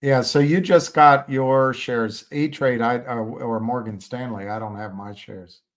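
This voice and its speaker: Slow-talking guy on a stock livestream, lots of ums, gets worked up over short sellers. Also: mid-range voice, fairly even intonation. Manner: rambling, hesitant, with many fillers and restarts; emphatic and indignant about short sellers. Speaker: stock-market livestream host. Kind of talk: casual livestream chat reading viewer comments.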